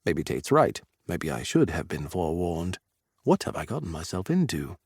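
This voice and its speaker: A man narrating a romance audiobook in the first person with an expressive reading. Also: deep voice, moderate pace, husky, no echo, studio quality.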